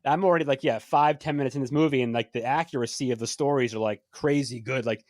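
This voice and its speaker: A man co-hosting a podcast, casually discussing a film with halting restarts and enthusiastic asides. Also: mid-range voice, a little mellow, dry recording, studio quality. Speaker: podcast co-host.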